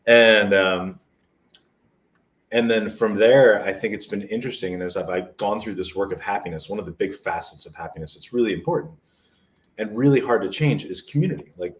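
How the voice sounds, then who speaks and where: A man in his forties from New Jersey, a guest telling stories in a rambling, earnest way during a casual interview. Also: sits low. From New Jersey, USA. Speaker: guest, motivational speaker. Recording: voice distant from the mic.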